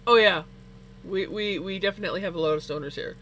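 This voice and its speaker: A woman hosting a casual livestream, chatting while she knits and telling stories with lots of laughter. Her voice shoots up high when she gets excited. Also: quick pace, slight background noise, poor audio. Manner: animated storyteller, laughs often, voice climbs high when excited. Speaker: livestream host. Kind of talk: casual chat while knitting on stream.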